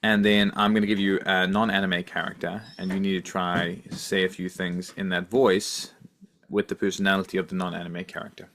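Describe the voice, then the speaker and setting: A man hosting a podcast in casual chat, easygoing and filling pauses with ums. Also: sits low, flat delivery, fairly bright tone, slight background noise. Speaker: podcast host.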